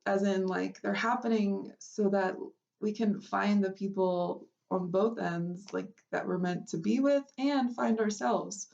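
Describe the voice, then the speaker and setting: Tearful, casual-swearing woman streaming live, gravelly, heard from a little off the phone mic. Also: mid-range voice, a little slow, darkish tone, recorded from a distance, muffled recording. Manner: emotional, laughing through tears, swears casually. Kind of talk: unplanned live stream chat.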